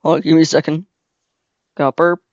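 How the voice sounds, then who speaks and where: A man's voice: fairly high pitch, flat delivery, normal speed, dry recording. A young man hosting a casual reaction video, rambling with lots of fillers and slang. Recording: dull, lo-fi, dry sound.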